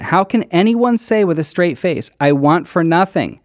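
A man's voice: sits high, expressive, unhurried, no echo, clean studio sound. A man preaching a sermon in a conversational, earnest way, with emphatic stresses as he works through a passage. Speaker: pastor.

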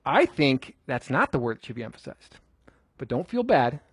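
A man's voice: mid-range voice, sing-song, normal speed, a bit bright, breathy edge, no room sound. A man teaching a group how to memorize Scripture in a conversational way, asking questions and repeating phrases for emphasis. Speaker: Bible teacher.

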